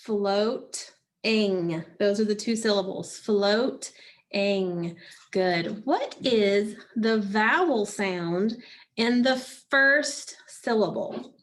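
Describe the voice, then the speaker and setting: A woman teaching a phonics lesson, prompting children patiently and pausing for their answers. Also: mid-range voice, fairly bright tone.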